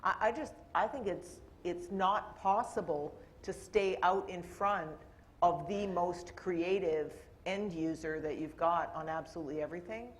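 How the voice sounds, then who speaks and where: A woman's voice: fairly low pitch, unhurried, slight background noise. A woman with a Canadian accent, an IT executive answering thoughtfully on a panel, with small restarts as she searches for words. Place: stage at a live panel event.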